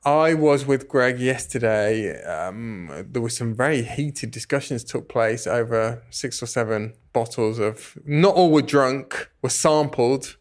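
A man co-hosts a podcast in relaxed, playful conversation. He meanders through stories with mock slang and restarts. His voice is mid-pitched and even. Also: unhurried, hardly any pauses. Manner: playful, rambling anecdotes, mock Australian slang. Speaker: podcast co-host. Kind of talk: casual chat.

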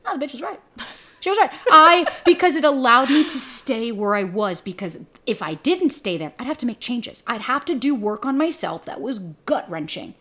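A blunt young woman hosting a casual podcast, her voice sitting a bit high. She swears freely and tells stories with animated, punchy delivery. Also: moderate pace. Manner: blunt, profane, animated storytelling. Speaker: podcast host.

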